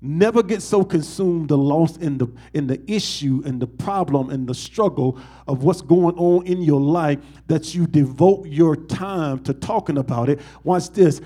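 A man's voice: on the high side, warm tone, breathy edge. A man, a pastor, preaching a sermon to his congregation and asking them call-and-response questions.

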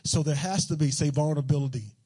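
A man's voice: a little high, steady tone, fast, mellow, husky. A man preaching a sermon in a loose, conversational, joking way, full of everyday slang.

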